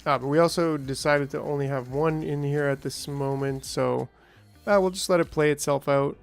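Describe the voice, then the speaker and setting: A man with a slightly high, gravelly voice talks through a game as a let's play host. He thinks aloud in a chatty way, stopping himself and tossing in little exclamations. Soft music plays underneath. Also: fairly even intonation, normal speed. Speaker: gaming channel host.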